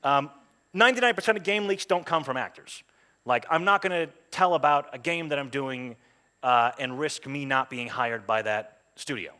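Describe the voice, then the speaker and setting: A man who works as a voice actor, giving a chatty, anecdotal talk at a game event with lots of ums and quick voiced asides. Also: mid-range voice, bright, forceful tone. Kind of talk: conference talk. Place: stage at a game jam event.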